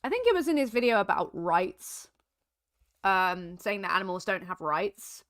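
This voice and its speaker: A woman's voice: mid-range voice, expressive, moderate pace, fairly bright tone, no room sound, studio quality. A woman co-hosting a livestream, talking casually and sarcastically, laughing often and swearing. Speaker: co-host on a reaction stream.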